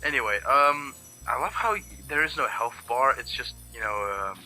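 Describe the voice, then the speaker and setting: Man, casual gameplay chat, rambling, swears a lot, very bright sharp tone. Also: medium pitch, normal speed, soft background music. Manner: rambling, profane, searching for words. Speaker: let's play co-host.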